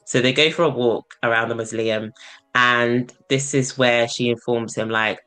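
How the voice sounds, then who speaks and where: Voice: medium pitch, unhurried, bright, forceful tone, soft background music. A podcast host casually retelling a book's plot, acting out the characters' lines along the way. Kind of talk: casual book discussion.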